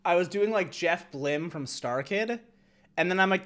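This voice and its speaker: A man's voice: high voice, moderate pace, fairly bright tone. A man streaming a game, musing casually in a rambling way full of fillers. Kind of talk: casual chat.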